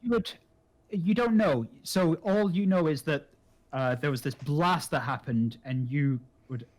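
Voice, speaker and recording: A man narrating as game master in a tabletop game, halting and filled with fillers. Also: on the high side, darkish tone. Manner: halting, full of fillers and restarts.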